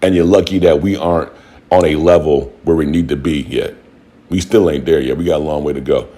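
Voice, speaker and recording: A vlogger from Buffalo, New York rants angrily and profanely to camera in an extremely low, dark voice, fairly quick and fairly even in intonation. He mocks the people he argues with by imitating their voices.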